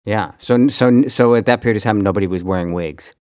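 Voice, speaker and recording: A man co-hosts a podcast, chiming in with short replies and joking asides. His voice is very deep. The sound is dry and close. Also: brisk, a little mellow, no echo. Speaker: podcast co-host. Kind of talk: casual chat.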